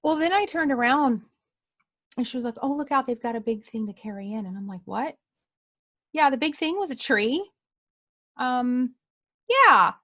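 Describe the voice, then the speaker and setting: High-pitched woman, casual spoken testimony, animated, acts out the quoted voices. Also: moderate pace, pauses often. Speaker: storyteller sharing a personal testimony.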